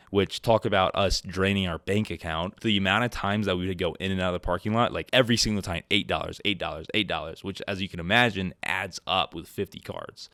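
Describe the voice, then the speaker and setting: A man's voice: sits low, no echo, studio quality. A man hosting a podcast, telling stories in casual chat, often laughing and acting out the people he quotes. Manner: laughs often, animated storytelling with quoted voices. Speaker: podcast host.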